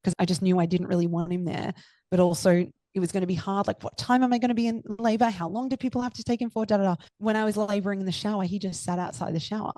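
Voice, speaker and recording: A woman's voice: mid-range voice, flat delivery, fast talker, mellow, no room sound. A young woman telling a personal story as a podcast guest, emotional and effusive, with lots of "like" and "you know.". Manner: emotional, effusive, many fillers.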